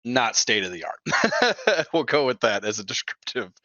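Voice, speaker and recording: A man narrating as game master in a tabletop game, loose and laughing, sometimes yelling for a character. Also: medium pitch, very animated, unhurried, no room sound. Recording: dull lo-fi mic in a dry room.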